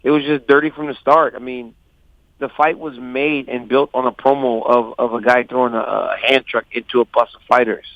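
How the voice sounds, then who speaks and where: A man calling in as a guest fighter, telling stories animatedly and quoting others in lively voices. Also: mid-range voice, moderate pace, no echo. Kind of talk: casual phone interview. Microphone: phone call. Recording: dull lo-fi phone line.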